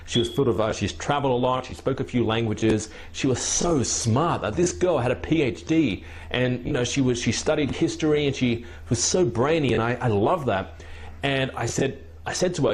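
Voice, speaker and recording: A man's voice: medium pitch, animated, brisk. Rambling man telling a dating story. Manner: rambling, with frequent restarts and repeated words. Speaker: dating coach. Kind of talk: casual storytelling and advice.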